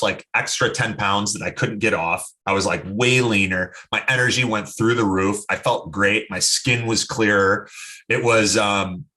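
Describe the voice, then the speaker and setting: Podcast guest: man, lowish pitch, forceful bright tone, animated storyteller, casual filler-heavy delivery. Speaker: podcast guest, health expert. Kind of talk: casual interview talk.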